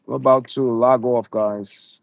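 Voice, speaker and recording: A man's voice: medium pitch, fairly even intonation, a little slow, creaky, no echo, studio quality. A man with a Jamaican accent hosting a casual livestream, talking straight to his chat viewers and often stammering and repeating words. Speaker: livestream host.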